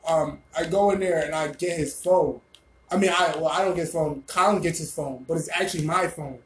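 A young man telling a story casually, animated, rambling and full of swearing. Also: on the high side, echoey room, a little hiss or hum, rough recording.

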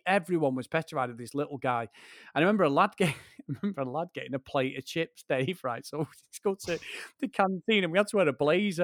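Here a slightly high-voiced man from Greater Manchester co-hosts a podcast, captured in a dry, clean studio recording. He's a rambling storyteller who swears freely through his long casual tales and keeps speaking to his co-host.

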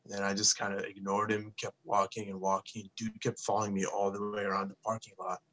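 A man's voice: lowish voice, monotone, fast talker, a bit bright. A young man co-hosting a podcast, telling stories in a laid-back way, swearing freely and acting out the quotes. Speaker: podcast co-host. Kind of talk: casual storytelling chat.

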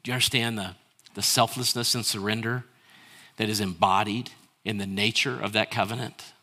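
A man's voice: on the low side, steady tone, moderate pace. A male pastor preaching a sermon, asking rhetorical questions and getting the congregation to answer and repeat lines after him. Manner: rhetorical questions, shifts between hushed and raised delivery.

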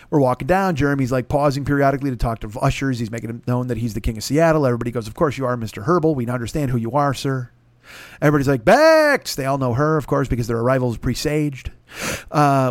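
A man's voice: medium pitch, dry recording. A man hosting a podcast, telling a rambling, profane comic story. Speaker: podcast host. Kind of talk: comedic storytelling.

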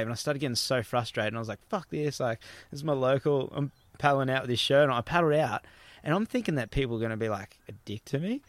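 A man's voice: medium pitch, no echo. A young Australian man from the Gold Coast telling stories in a casual podcast chat, swearing casually and acting out the people he quotes. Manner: animated, swears casually, acts out quoted voices.

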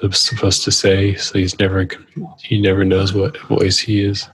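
A young man co-hosting a podcast, talking slowly and halting with a deadpan delivery. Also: low-pitched, slightly rough, no echo, poor audio. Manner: slow and halting, many fillers, deadpan. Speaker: podcast co-host. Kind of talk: crude casual banter.

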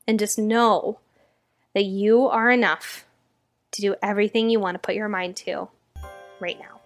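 A woman's voice: mid-range voice, steady tone, measured pace, long pauses, faint music behind. A young adult woman hosting a motivational podcast, talking in an earnest, emotional and gushing way. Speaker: podcast host.

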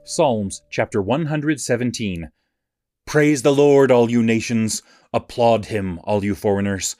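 A man reading scripture aloud in a measured, even reading cadence. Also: medium pitch. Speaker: scripture reader.

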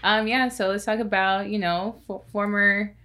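A woman's voice: medium pitch, fairly even intonation, moderate pace, pushed and bright. A woman co-hosting a podcast who giggles often while asking questions in casual chat. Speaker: podcast co-host.

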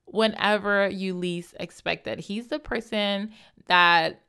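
A woman talking candidly and reflectively as a host, animated at times, laughing often and acting out the voices of people she quotes. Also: medium pitch, slow, gravelly, clear, resonant tone. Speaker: podcast host. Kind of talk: personal reflective monologue.

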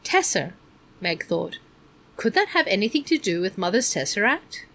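Woman, storybook narration, measured, expressive, mid pitch. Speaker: audiobook reader.

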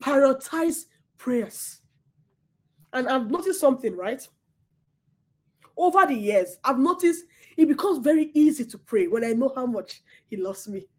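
A woman preaching a sermon with passion, who repeats her words and swings between laughter and near tears. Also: high voice.

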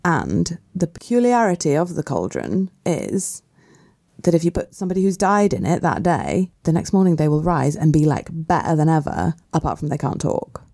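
A woman's voice: deep voice, very animated, normal speed, dark tone. A young Welsh woman comedian, chatty and often laughing, retelling a myth for comic effect in a podcast studio. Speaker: comedian guest.

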